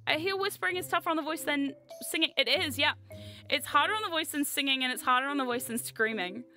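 A young woman with a New Zealand accent chatting on a livestream, chaotic and loud, laughing often and bursting into screams. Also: sits high, fast talker, soft background music. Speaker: VTuber streamer. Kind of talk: casual livestream chat.

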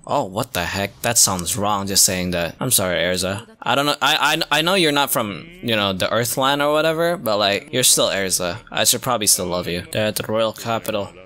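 A man hosting an anime reaction video, talking casually with lots of slang and breaking into sudden high yelps and gasps. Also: fairly quick, few pauses, sharp tone. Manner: casual slangy talk with many restarts. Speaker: anime reaction channel host. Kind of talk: live reaction commentary.

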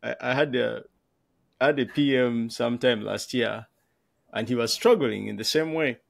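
A man's voice: medium pitch, normal speed, gravelly, no room sound. A man talking casually as a podcast guest, laughing often and repeating words while he thinks. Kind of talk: casual conversation.

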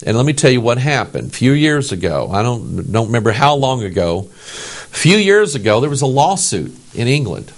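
Animated American pastor preaching. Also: male voice, mid-range voice, normal speed, gravelly. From United States. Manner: animated, emphatic, asks the audience "okay?". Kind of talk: sermon.

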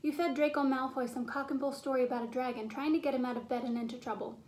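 A woman's voice: sits high, steady tone, quick pace, darkish tone, close to an everyday voice. A woman voicing a strict older female witch professor who scolds her students. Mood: stern.

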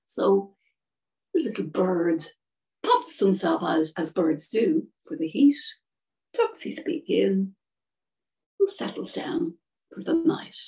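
Woman telling a story, slow and gentle, creaky mellow voice, mic far off. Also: lowish voice, very animated. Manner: unhurried, gentle narration. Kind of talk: spoken storytelling. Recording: distant from the mic.

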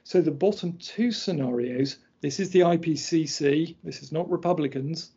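Middle-aged male lecturer, husky and fairly high, walking through slides in a measured way; dull lo-fi recording. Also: warm tone. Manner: explaining slides point by point, measured and precise. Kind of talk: academic lecture.

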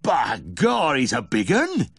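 A blunt, amused Yorkshire dairy farmer, put on by a male audiobook narrator, calling out broad dialect exclamations in a strained, lifted voice with a husky edge. The recording is close and dry. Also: mid-range voice, huge pitch swings, slow pace, a bit bright, no echo, pitched above the performer's own voice, exaggerated voice. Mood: astonished.

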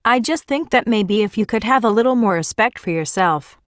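A woman reading a teenage boy's lines in a storybook, calm and a little hesitant. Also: on the high side, moderate pace, no room sound, clean studio sound, close to an everyday voice. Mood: earnest. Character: teenage boy, gentle and earnest.

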